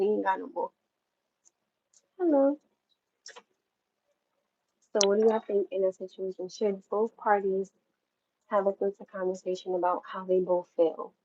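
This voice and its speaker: Husky-voiced woman chatting on a livestream. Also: mid-range voice, a little mellow, lo-fi sound. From New York. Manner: chatty, rambling, talks straight to viewers. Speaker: livestream host. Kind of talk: casual livestream chat.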